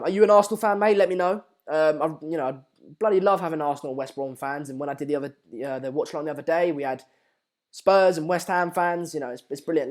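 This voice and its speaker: Chatty lad reading chat. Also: male voice, a little high, quick pace, darkish tone. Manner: chatty, reads out viewer comments with lots of fillers. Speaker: live-stream watchalong host. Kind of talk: casual live-stream commentary.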